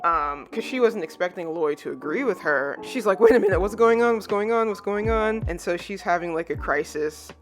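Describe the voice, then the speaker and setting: A manga reviewer giving a casual chapter recap, talking in a chatty way full of fillers and lifting the voice for quoted characters. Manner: chatty, filler-heavy retelling with lifted pitch for quoted characters. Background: soft background music.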